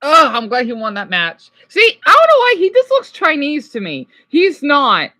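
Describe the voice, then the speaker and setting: Lively, excitable woman gaming commentator. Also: high voice, normal speed, dry recording. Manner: rambling, excitable, talks to viewers. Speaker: gameplay commentator. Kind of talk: casual gameplay commentary.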